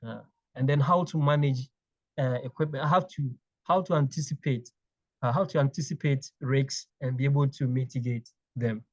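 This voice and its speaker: Halting man from Ghana, muffled. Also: medium pitch, fairly even intonation, dry recording. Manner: halting, repeats words while thinking. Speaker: clinical engineering manager, guest. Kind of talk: interview conversation.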